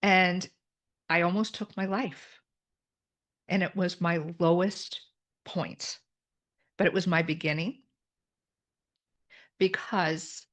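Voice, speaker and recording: A middle-aged woman telling her own story as a podcast guest, candid and earnest, explaining terms with plain examples. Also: mid-range voice. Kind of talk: personal story in a podcast conversation.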